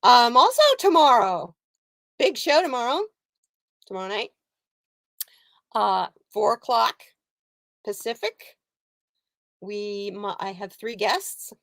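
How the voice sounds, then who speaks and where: A woman's voice: on the high side, takes it slowly, long pauses, fairly bright tone, no echo. A woman in her sixties hosting a casual live stream, telling a story and breaking off to greet viewers, laughing often. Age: 60s. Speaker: livestream host and card reader.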